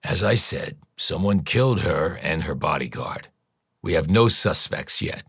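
A calm, blunt federal investigator, voiced by a male narrator, deep and measured, giving hard news without fuss. The sound is dry and close to the mic. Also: husky, no echo, heavily acted. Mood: grave. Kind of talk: audiobook character voice.

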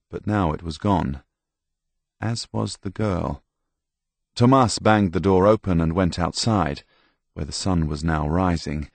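A man reads scripted audiobook narration in a very deep, gravelly voice, telling the story slowly in a measured, deliberate way. The recording is dry and close, with no room sound.

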